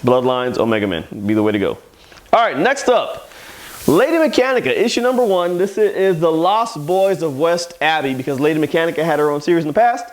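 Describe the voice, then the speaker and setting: A man with a slightly higher-than-usual voice hosts a laid-back comic review. He retells plots in a loose, rambling way, circling back as he goes. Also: very animated, brisk. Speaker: comic shop owner and host. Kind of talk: casual comic book review.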